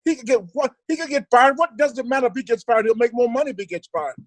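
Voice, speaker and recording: An older male comedian chatting on a video call, ranting with animated, profane energy while holding his phone. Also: very high-pitched, quick pace, no echo. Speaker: comedian guest. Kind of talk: casual video call chat. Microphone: handheld phone on video call.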